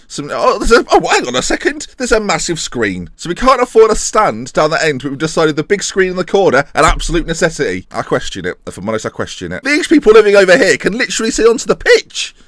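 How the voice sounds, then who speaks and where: A man's voice: on the high side, wildly swooping pitch, fast talker, hardly any pauses, a bit bright, dry recording, studio quality. A man giving jokey, rambling football-game commentary in the manner of a pundit. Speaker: gaming commentator. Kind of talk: casual Let's Play commentary.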